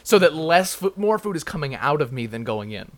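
A man's voice: on the high side, big pitch swings, a little fast, no room sound. Playful man with big reactions. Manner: playful, exaggerated reactions, jokey asides. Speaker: podcast co-host. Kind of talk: casual chat reading news stories.

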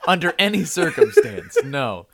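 A man co-hosting a casual comedy podcast, reading out a news story with halting restarts, asides and laughs. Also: high-pitched, wildly swooping pitch, fairly bright tone. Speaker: podcast co-host.

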